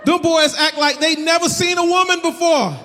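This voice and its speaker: A male comedian performing loud, punchy stand-up comedy live in a venue. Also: very high voice, fairly even intonation, normal speed. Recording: long hall reverb, faint noise.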